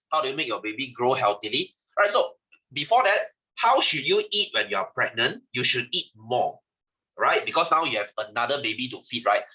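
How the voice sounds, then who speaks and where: Animated Malaysian male science tutor. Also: mid-range voice, lo-fi sound. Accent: Malaysian English. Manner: animated, teasing, laughs often. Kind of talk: joking classroom lecture.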